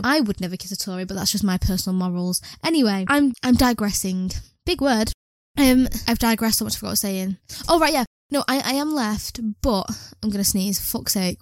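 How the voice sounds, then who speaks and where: A woman's voice: a little high, no echo. A young British woman with an English accent hosting a solo podcast, rambling from topic to topic and swearing freely. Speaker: podcast host.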